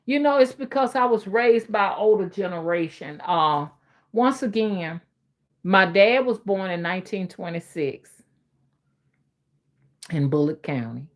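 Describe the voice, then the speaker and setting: A woman with a Southern accent hosts a casual livestream, talking to her viewers in a folksy, old-fashioned way. Her pitch swoops up and down a lot as she talks. She chuckles often and reads out comments as she goes. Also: expressive, measured pace, pauses often. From Alabama. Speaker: livestream host.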